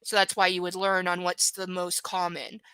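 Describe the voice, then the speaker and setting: A woman hosting a live book reading stream, chatting casually with her viewers in a halting way, full of fillers and restarts. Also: on the low side, monotone, bright, forceful tone, smooth, no echo, rough recording. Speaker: livestream host reading a book.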